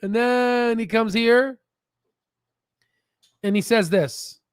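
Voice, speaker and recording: A man hosting a casual stock market livestream, animated and swearing, with stammering restarts. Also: extremely high pitch, takes it slowly, clear, resonant tone, no room sound, clean studio sound.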